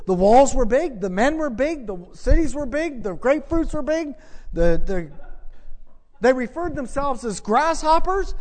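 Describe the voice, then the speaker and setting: A male pastor preaching in a church, his voice carried on a long, ringing reverb. He swings widely in pitch as he tells his story and builds toward fervent appeals. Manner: storytelling, then rising to impassioned preaching. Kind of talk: sermon.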